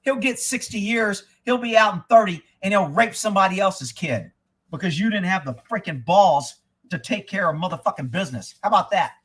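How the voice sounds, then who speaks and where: A middle-aged man hosts a live stream and rants with heavy profanity. His voice sits high and swings widely in pitch. It has a bright, slightly husky edge. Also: lively intonation, brisk. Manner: profane, heated ranting; reads news headlines then reacts. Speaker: livestream host.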